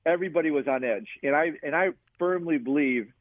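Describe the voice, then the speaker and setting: A man co-hosting a radio golf show, chatting in a relaxed way, asking questions and sometimes searching for words, heard over a tinny phone line. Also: a little high, brisk, no room sound. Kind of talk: casual radio show chat.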